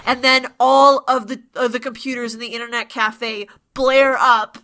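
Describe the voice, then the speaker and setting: Chatty woman with a bright voice. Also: fairly high pitch, flat delivery, moderate pace, few pauses. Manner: chatty, laughing, swears freely. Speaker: podcast host. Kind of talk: casual chat recapping episodes.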